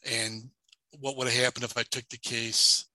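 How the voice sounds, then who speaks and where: A middle-aged man recounting his own experience as an interview guest. His voice is strikingly bright and tense, recorded dry and close with no room sound. He stumbles, repeats words and restarts sentences as he talks. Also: medium pitch, little pitch movement, normal speed, no room sound, poor audio. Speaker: paranormal investigator, podcast guest. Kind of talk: telling a personal story in an interview.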